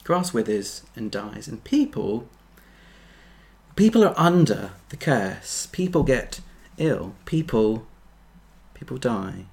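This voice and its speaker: Male preacher, gravelly voice, medium pitch, earnest sermon delivery. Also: sing-song, slow pace. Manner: earnest, builds to emphatic peaks then drops soft.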